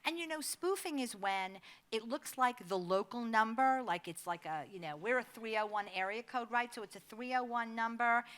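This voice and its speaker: A middle-aged woman giving a conversational presentation, an animated storyteller who laughs often. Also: on the high side, moderate pace, few pauses, clear, resonant tone. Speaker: advocacy staff speaker.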